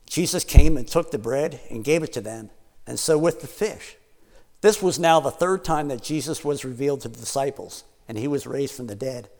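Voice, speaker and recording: A man's voice: medium pitch, normal speed, darkish tone. Casual-talking male pastor in a reverberant hall. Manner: conversational, retelling scripture with many fillers. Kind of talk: sermon.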